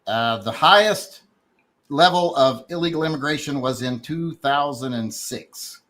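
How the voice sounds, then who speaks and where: A man's voice: mid-range voice, measured pace, fairly bright tone. A man in a heated online debate, pressing his points while coughing now and then. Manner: argumentative, pressing questions.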